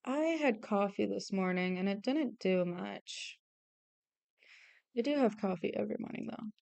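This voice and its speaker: A young woman chats casually into a desk mic while she draws on stream. Her voice is smooth and clear and sits at an ordinary pitch. The sound is dry and close. She rambles, laughs easily and makes fun of herself. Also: lively intonation, a little slow, darkish tone, no room sound. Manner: chatty, rambling, self-deprecating, laughs often. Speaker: streamer and artist. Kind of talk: casual chat while drawing.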